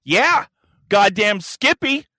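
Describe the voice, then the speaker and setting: Bright-toned man telling crude stories. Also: high-pitched, slow, no echo. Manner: crude, animated, acts out voices and yelps. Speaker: podcast host. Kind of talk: casual storytelling chat.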